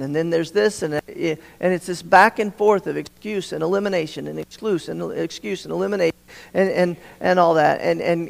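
This preacher's voice sits high and sounds creaky, recorded in a hall with a long reverb. Delivering his sermon, he frequently stumbles and repeats words while dramatizing the lines he quotes.

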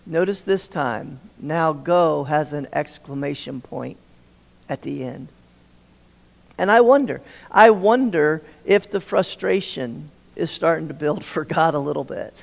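A man's voice: a little high, a little slow, creaky. A man preaching a sermon, often stammering and repeating words as he acts out the dialogue he quotes. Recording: long hall reverb.

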